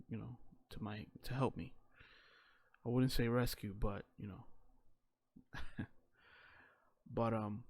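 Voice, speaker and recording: A man speaks in a mid-range voice with a gravelly, fried edge. He tells his own story candidly and reflectively. His casual delivery is full of loose "you know, man" fillers. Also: medium pitch, darkish tone, no room sound.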